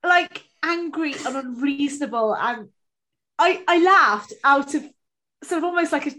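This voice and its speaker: A woman's voice: high-pitched, animated, measured pace, bright, forceful tone. Woman in her thirties, rambling storyteller, swears freely, self-mocking; casual podcast chat. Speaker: podcast co-host.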